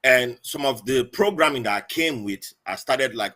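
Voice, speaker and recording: Man, 40s, podcast guest; bright, lively storyteller. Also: medium pitch, moderate pace, hardly any pauses. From Nigeria. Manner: animated, acts out quoted voices.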